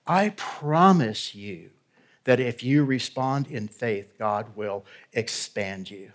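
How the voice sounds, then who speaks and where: A man's voice: mid-range voice, lively intonation, slow. Man preaching with direct, conversational urgency. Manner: direct, conversational, checks in with the congregation; emphatic, urging. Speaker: guest pastor. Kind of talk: sermon.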